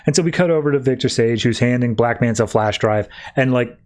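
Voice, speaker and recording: Young guy doing a chill comic recap on his podcast, lots of ums, mid pitch. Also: fast, darkish tone. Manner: conversational, filler-heavy. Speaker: podcast host.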